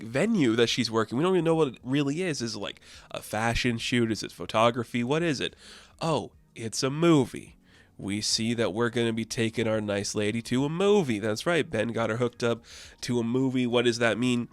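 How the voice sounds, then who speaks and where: A man's voice: medium pitch, animated, normal speed, no echo. Chatty man reviewing a comic. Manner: chatty, filler-heavy, enthusiastic. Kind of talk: casual video comic review.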